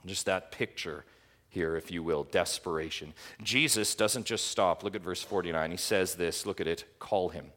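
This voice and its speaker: A male pastor preaching a sermon in a church, impassioned, dropping to hushed lines and rising to loud emphatic cries. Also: deep voice, normal speed.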